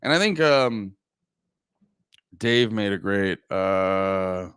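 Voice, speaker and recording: A man hosts a comedy podcast, rambling crudely through tangents in a smooth, clear voice. The sound is dry and close to the mic, with no room echo. Now and then he mocks people in a squeaky put-on voice. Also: lively intonation, drawn-out words, fairly bright tone. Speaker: podcast host. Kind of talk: casual comedic podcast rant.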